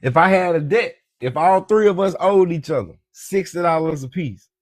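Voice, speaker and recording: With lively intonation and a moderate pace, a man whose voice runs on the high side talks about money as a social media commentator. The monologue is casual, profane and preachy, full of "beloved" and "you dig me," and there's no echo.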